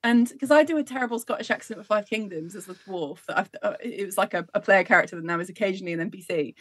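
A woman co-hosting a podcast in casual chat, talking quickly and often laughing. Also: mid-range voice, a bit bright, slightly rough, no echo. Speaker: podcast co-host.

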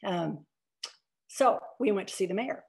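A woman's voice: medium pitch, animated, a little slow, creaky, a little mellow, breathy edge. An older woman giving an author talk over a video call, telling anecdotes in a chatty way with many fillers and restarts. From Iowa, United States.

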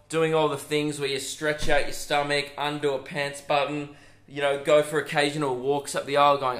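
A man's voice: on the high side, steady tone, moderate pace, sharp tone. A young Australian man, a comedian hosting his own podcast from a hotel room, telling a rambling, profane, self-mocking story. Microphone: camera propped on a coffee table.

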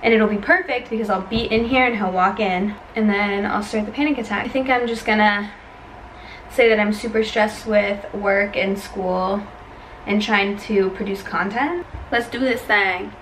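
A woman's voice: medium pitch, moderate pace, fairly bright tone. A young woman in her twenties chatting casually to her viewers in a vlog, recorded on a phone. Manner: chatty, upbeat, filler-heavy. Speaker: vlogger. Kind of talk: casual vlog chat to camera. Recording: distant phone mic with faint noise.

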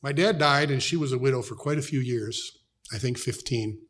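A middle-aged man with an American accent, preaching a sermon as a pastor, telling stories and dropping from loud to hushed tones. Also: medium pitch, normal speed. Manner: storytelling, shifts from loud to hushed.

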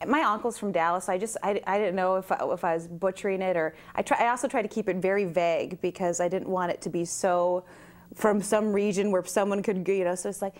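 Woman telling stories with acted-out voices. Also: lowish voice. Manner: lively storyteller who acts out other people's voices. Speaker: actress and guest. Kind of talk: casual chat.

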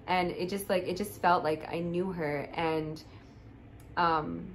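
A woman's voice: lowish voice, fairly even intonation, takes it slowly, slight background noise, rough recording. A young woman vlogger telling a personal story in a casual, rambling way, with many fillers and restarts, and getting emotional.

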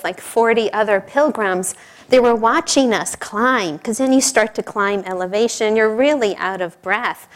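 A middle-aged woman telling a personal story in an informal sermon, chatty, with frequent laughs and asides. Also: medium pitch. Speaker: speaker at a spiritual service.

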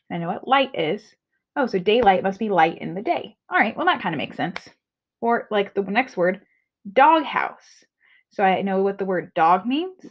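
Friendly woman teacher on a lo-fi recording. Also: mid-range voice. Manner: friendly, explanatory, with frequent "okay"s. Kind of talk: remote reading lesson. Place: home. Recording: dull lo-fi recording.

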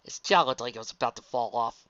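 Low-voiced woman narrating a story. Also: fast talker, fairly bright tone, no echo, dull audio. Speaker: fan fiction reader.

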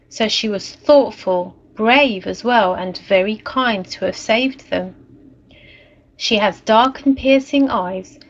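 A woman teacher reading a story aloud and leading a recorded lesson for young children in a gentle, expressive way. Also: medium pitch, highs cut off. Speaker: primary school teacher.

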